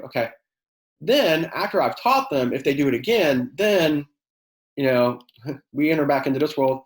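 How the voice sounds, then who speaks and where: A man's voice: a little high, a little fast. Chatty male chemistry teacher, echoey room. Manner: conversational, many fillers, acts out quoted exchanges; self-described sarcastic. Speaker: high school chemistry teacher leading a workshop. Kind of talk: teacher workshop talk.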